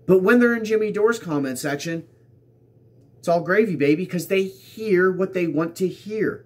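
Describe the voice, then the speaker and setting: A man's voice: sits high, moderate pace. A man hosting a political commentary show, reading out tweets and mocking them sarcastically, repeating lines for emphasis.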